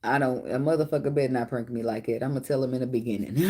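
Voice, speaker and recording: Husky low-voiced woman chatting bluntly. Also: animated, a little fast, warm tone. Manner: laughs often, storytelling, blunt and profane. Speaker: tarot reader and channel host. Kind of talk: casual chat to viewers.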